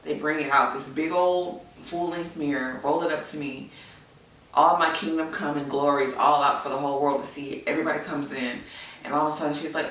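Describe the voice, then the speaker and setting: A woman's voice: low voice, fairly even intonation, brisk, a bit bright. A woman candidly telling a personal story in a chatty way, with many fillers. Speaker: vlogger, new mother. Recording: echoey room, mic at a distance.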